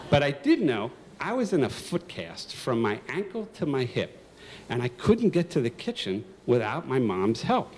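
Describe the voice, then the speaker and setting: A man's voice: medium pitch, darkish tone, slight background noise. A man in his sixties telling a comic, self-mocking story live on stage.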